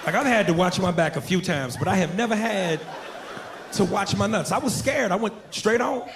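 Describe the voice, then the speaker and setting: A man's voice: high voice, expressive, moderate pace, background noise. A man doing a brash, profane stand-up set on a comedy stage before a live audience. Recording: live club mic, crowd laughter.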